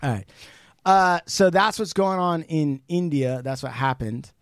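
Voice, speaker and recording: Animated swearing man on a podcast. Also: fairly high pitch, unhurried, clean tone, no room sound, clean studio sound. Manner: animated retelling, swears freely, many restarts. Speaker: podcast co-host. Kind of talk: casual podcast chat.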